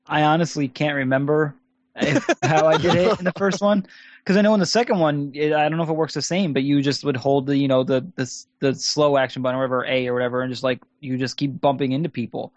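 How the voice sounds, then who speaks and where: A man's voice: fairly high pitch, fairly even intonation, quick pace, dry recording. A man chatting casually about a game, hesitant and hedging as he recalls it, on a dull lo-fi microphone. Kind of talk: casual chat. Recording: dull, lo-fi dry sound.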